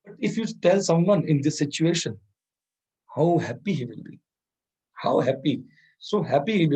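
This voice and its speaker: Husky man teaching soft skills. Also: a little high, animated, measured pace, long pauses, rough recording. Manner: chuckles often, Hindi words mixed into English. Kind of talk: informal lecture with storytelling.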